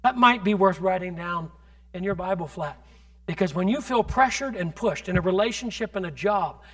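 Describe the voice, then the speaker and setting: A man preaching a sermon to a congregation, moving from conversational asides to fervent, shouted exhortation and calling on the listeners directly. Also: sits high, expressive, normal speed.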